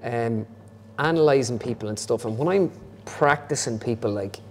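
An Irish man telling stories in a casual pub chat, lively and quick, often slipping into impressions. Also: mid-range voice, long reverb tail, slight background noise. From Ireland. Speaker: impressionist guest.

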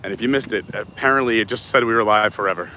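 A man's voice: on the low side, fast talker, bright, forceful tone, slight background noise, poor audio. A man hosting a live stream while walking outdoors, chatting casually, reading viewer comments and laughing often. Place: outdoors in a theme park, walking.

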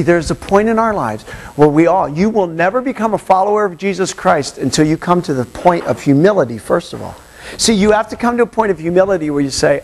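A man's voice: high voice, fairly quick, low-quality recording. A man preaching a sermon as a pastor, retelling a parable and acting out its characters' voices. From Hawaii. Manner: animated, acts out the parable's voices. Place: church.

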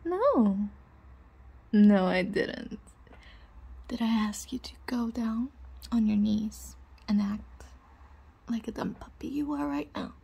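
A woman's voice: mid-range voice, unhurried, creaky, pauses often, mellow, husky, full character voice. A woman playing a cruel young bully in a whispered role-play, taunting and bossing the listener with mocking laughs. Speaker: audio role-play performer.

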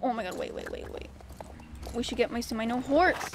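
A woman's voice: a little high, expressive, normal speed, noisy background. Gushing young woman gamer. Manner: gushing, giggly, swears casually. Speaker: gaming YouTuber. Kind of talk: casual gameplay commentary. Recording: faint game music behind.

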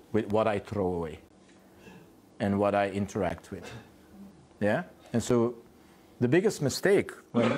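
A man's voice: on the low side, darkish tone. A man, a dog trainer, explaining puppy play in a home garage, asking rhetorical questions and answering them himself. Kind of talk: instructional talk.

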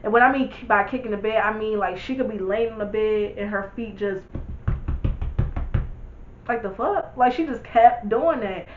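A woman's voice: mid-range voice, moderate pace, reverberant, dull audio, a little hiss or hum. A young woman vlogger telling a casual storytime, candid and blunt, swearing freely and talking to her viewers.

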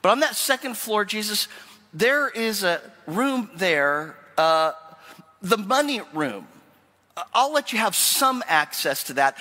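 Animated preacher man in a reverberant hall. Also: high-pitched, slow pace. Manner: animated, emphatic preaching with rhetorical questions. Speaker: pastor. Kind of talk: sermon. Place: church sanctuary.

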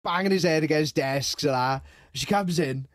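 In a casual podcast chat, a male co-host tells crude stories from his school days, laughing and swearing and poking fun at himself. His voice is on the high side and moves at a normal speed.

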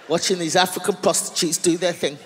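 A woman with a London accent doing stand-up, telling a story with animated pitch swings that build to her punchlines. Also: slight background noise. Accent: London English. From London, England. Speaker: stand-up comedian. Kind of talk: stand-up comedy set. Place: large concert venue. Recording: reverberant live venue.

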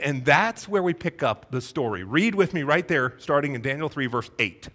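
A man preaches in an animated, storytelling way, putting on voices for the characters and firing rhetorical questions at his listeners. His voice sits a little high and swings widely in pitch as he builds the story. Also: a little fast. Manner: conversational, rhetorical questions to the congregation. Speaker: pastor. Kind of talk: sermon.

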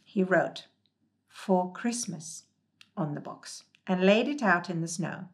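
Woman gently reading a storybook. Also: lowish voice, expressive, moderate pace.

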